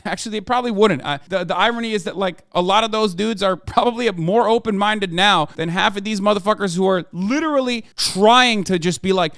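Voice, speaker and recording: A man's voice: high voice, brisk, hardly any pauses, a bit bright, clean tone, no room sound, studio quality. A male streamer giving a heated, profanity-laced commentary rant on his livestream.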